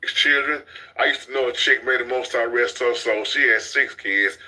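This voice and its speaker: A man's voice: medium pitch, normal speed, bright, forceful tone, poor audio. A man, talking bluntly in a casual commentary chat, preaching and repeating his points as the host.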